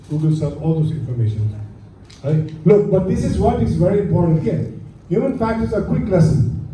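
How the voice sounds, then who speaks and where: Man lecturing in an echoey classroom. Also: on the high side. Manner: animated, rhetorical questions to the class. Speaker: aviation instructor. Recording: echoey room from far off, faint hum.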